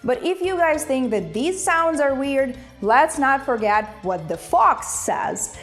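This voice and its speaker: A woman's voice: high voice, expressive, slow, hardly any pauses, soft background music. A young woman whose first language is Ukrainian, teaching English in a playful, chatty video lesson and laughing often. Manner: playful, laughs often, imitates animal sounds.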